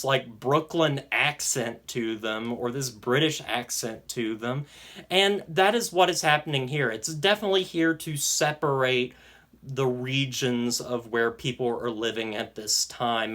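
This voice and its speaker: Young male reviewer, slow deliberate pace and bright edge, casual earnest commentary. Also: mid-range voice. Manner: enthusiastic, earnest, with frequent "um" pauses. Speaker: film reviewer. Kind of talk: casual spoken film review.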